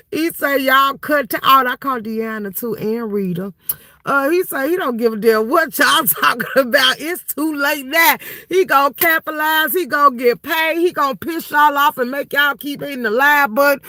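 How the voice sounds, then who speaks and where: Bright-voiced woman gossiping on a livestream. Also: on the high side, no room sound. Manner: animated, laughing gossip with frequent "baby" and "y'all". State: tired and cold. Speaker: livestream host. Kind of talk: casual livestream chat.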